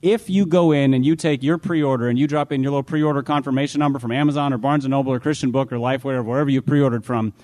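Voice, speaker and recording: A man's voice: mid-range voice, fairly even intonation, fast talker, few pauses, a little mellow. A man co-hosting a live podcast with wry, wordy, dry humor. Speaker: podcast co-host.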